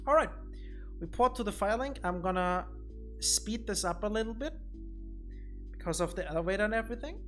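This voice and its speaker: Gameplay commentary, casual, repeats words, desk mic, mid pitch, faint music behind. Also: animated, fairly quick, pauses often, fairly bright tone. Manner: thinks aloud, repeats words while explaining. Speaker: gameplay guide streamer.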